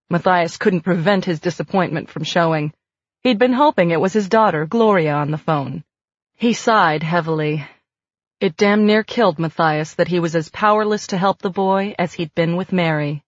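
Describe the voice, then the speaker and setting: Low-voiced woman narrating an audiobook. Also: moderate pace, dry recording. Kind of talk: scripted narration. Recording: dry, slightly muffled lo-fi recording.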